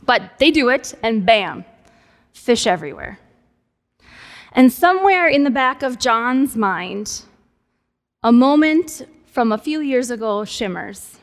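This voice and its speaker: A woman's voice: a little high, expressive, slow pace, long pauses. A woman pastor preaching a sermon in a conversational, playful way with humorous asides. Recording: long hall reverb.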